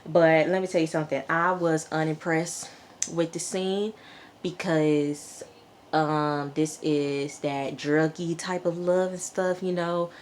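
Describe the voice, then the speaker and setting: A woman reviewing a TV episode in a chatty, animated way, laughing often and talking straight to her viewers. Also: sits low, takes it slowly, slight background noise. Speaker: TV show reviewer. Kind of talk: casual review vlog.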